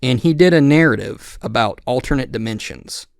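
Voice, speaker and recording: A man's voice: medium pitch, expressive, moderate pace, creaky, no room sound, clean studio sound. A man hosting a podcast, telling a rambling, profane story with lots of restarts and quoted voices. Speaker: podcast host. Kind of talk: casual storytelling chat.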